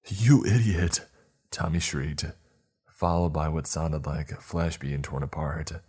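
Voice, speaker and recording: Very deep-voiced male horror narrator. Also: little pitch movement, measured pace, husky. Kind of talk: scripted horror story narration.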